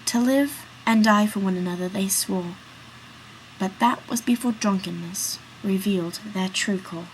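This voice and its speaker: Woman narrator, slow read-aloud, storytelling, middling pitch. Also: a little hiss or hum, rough recording.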